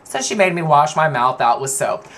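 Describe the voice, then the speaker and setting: A man's voice: a little high, moderate pace, pushed and bright, a little hiss or hum. A man candidly telling personal stories to his viewers, rambling and laughing at himself. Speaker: vlogger. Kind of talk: personal storytelling to camera.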